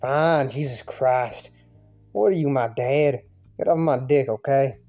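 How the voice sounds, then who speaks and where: Guy doing a mouthy irish-ish tough guy, crude and mocking, kinda dark voice, faint music behind. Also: medium pitch, unhurried, natural voice. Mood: grudging. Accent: put-on Irish. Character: brash foul-mouthed young man, picks fights. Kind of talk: fan visual novel voice acting.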